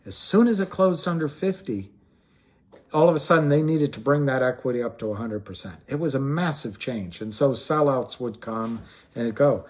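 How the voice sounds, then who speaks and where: A man's voice: mid-range voice, normal speed, a little mellow. A man hosting a casual livestream, rambling with frequent restarts and trailing thoughts, and greeting viewers by name as he answers them. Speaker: livestream host.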